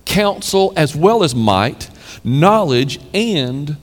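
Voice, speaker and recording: Guy preaching a sermon, kinda high voice, pushes hard on the big lines, long echo in a big church hall. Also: very animated, takes it slowly. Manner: preaching with swells of emphasis and rhetorical questions. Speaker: pastor.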